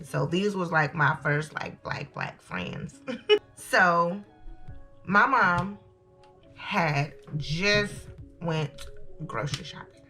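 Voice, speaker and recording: A young woman, chatting to viewers as she tells a lively storytime. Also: fairly low pitch. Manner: animated, chatty, addresses viewers as y'all. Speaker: storytime vlogger. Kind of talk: casual storytelling to camera.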